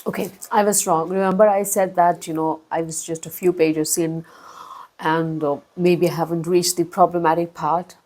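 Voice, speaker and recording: A woman reviewing a book in a casual vlog, talking in a chatty, expressive way with big swings in pitch and loudness. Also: normal speed, low-quality recording. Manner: chatty, with frequent fillers and restarts.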